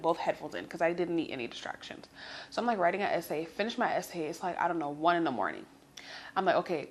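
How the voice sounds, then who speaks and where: A young woman telling a story in a chatty, animated way, swearing freely and talking to her listeners as girl. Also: on the low side. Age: young adult. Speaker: storytime vlogger. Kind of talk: casual storytelling.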